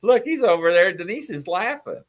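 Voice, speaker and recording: Animated New York man chatting. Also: high voice, moderate pace. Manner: animated storytelling, mimics voices in quotes. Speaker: livestream co-host. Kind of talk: casual chat.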